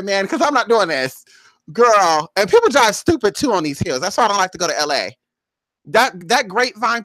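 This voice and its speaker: A woman tells her viewers a long, exclamatory story and acts out her own shocked reactions. Her pitch leaps all over the place and her tone is bright. The sound is dry and close. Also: no room sound. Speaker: spiritual vlogger.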